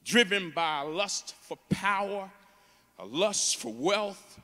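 A man's voice: sits high, slow pace. Fervent preacher man in a reverberant sanctuary. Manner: builds from calm teaching to loud fervent preaching. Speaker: guest preacher. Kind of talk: preaching a sermon. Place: large church.

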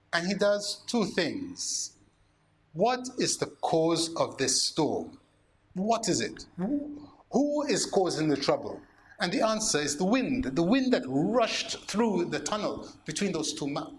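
Slow, animated priest preaching. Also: male voice, on the high side, a little hiss or hum. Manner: slow, emphatic, rhetorical questions. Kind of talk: sermon.

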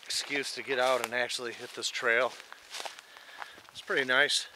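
A man narrating a casual camping vlog outdoors in a forest, relaxed and rambling as he talks to his dog. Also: medium pitch, normal speed, a little hiss or hum. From Michigan. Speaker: camping vlogger.

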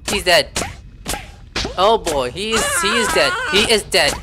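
A young man playing a video game, reading its text aloud and reacting with excited outbursts. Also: high-pitched, measured pace, loud music behind the voice. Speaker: gameplay streamer. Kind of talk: casual game commentary.

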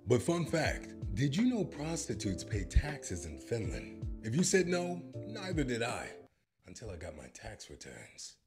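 Jokey swearing man, animated low voice. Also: measured pace, music in the background. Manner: jokey, swears, bursts into mock announcer voice. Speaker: YouTuber reacting to a language app. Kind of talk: comedic reaction vlog.

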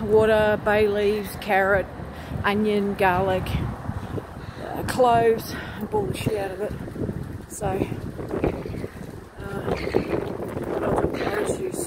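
A woman's voice: medium pitch, noisy background. A woman vlogging as she walks a city street at night, chatty and rambling, recorded on a handheld phone. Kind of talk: casual street vlog chat.

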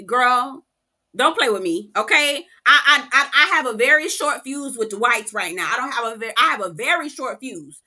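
Sassy bright-voiced woman recapping reality TV. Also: on the high side, expressive, fairly quick. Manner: sassy, profane, slangy storytelling. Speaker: TV recap reviewer. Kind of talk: casual reality-show recap.

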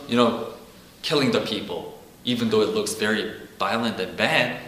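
A man's voice: fairly low pitch, moderate pace, reverberant, background noise. A man giving an informal Bible teaching, talking casually, repeating himself and acting out quotes. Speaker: preacher.

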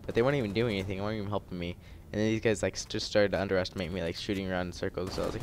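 A teenage boy talks over his gameplay in a loose, rambling way, with constant fillers and restarts. His voice sits a little low and he keeps slipping into heated rants. A faint hiss sits under the recording. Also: fairly even intonation, very fast. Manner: rambling, filler-heavy, frustrated ranting. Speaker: gaming YouTuber. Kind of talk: casual gameplay commentary.

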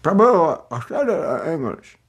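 A man's voice: on the high side, very animated, normal speed, slightly rough, pitched above the performer's own voice, heavily acted. A man voicing a Scottish temple devotee who loves sweets and insists he was speaking plainly. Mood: insistent.

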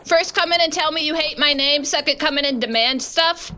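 A woman's voice: high-pitched, a little fast, pushed and bright. A woman livestreaming a game with viewers, chatting casually, scolding sassily and shrieking in mock terror. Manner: sassy scolding. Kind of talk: casual livestream gameplay chat.

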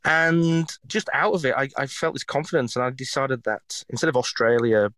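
Swearing Yorkshire chef telling stories. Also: male voice, mid-range voice, moderate pace, no echo. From England. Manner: animated storyteller who swears freely. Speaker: chef, podcast guest. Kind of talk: casual interview chat.

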